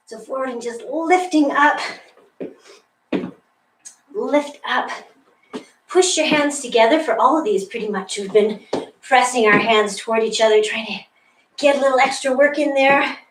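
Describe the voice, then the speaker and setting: A woman's voice: high voice, distant mic. Upbeat, encouraging woman in an echoey room. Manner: upbeat, encouraging, laughs often. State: a little out of breath. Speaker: fitness instructor. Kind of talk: guided workout instruction. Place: room with a wall and ceiling tiles, indoors.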